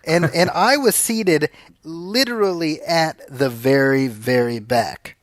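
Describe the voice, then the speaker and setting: A man's voice: fairly high pitch, dry recording, clean studio sound. A man in his forties co-hosting a podcast, chatting casually with wry humor and many restarts. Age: 40s. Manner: halting, restarts phrases, wry. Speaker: podcast co-host. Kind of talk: casual chat.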